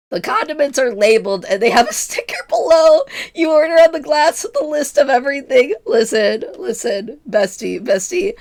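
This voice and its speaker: A woman in her twenties streaming and chatting casually, giggly and self-mocking, her voice strained from illness. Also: sits high. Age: 20s. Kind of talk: casual chat with chat.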